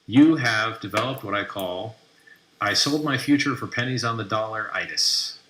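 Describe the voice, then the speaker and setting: Cocky man ranting on a stream, low voice with a hard bright edge, roomy echo. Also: normal speed. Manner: brash and mocking, trash talking. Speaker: livestream host. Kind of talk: live stream commentary. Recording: roomy echoey room.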